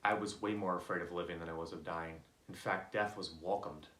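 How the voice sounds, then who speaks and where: A motivational speaker with a low voice talks fairly quickly in a roomy-sounding space. He gives an earnest, candid personal talk built on stories from his own life, growing animated whenever he voices other people.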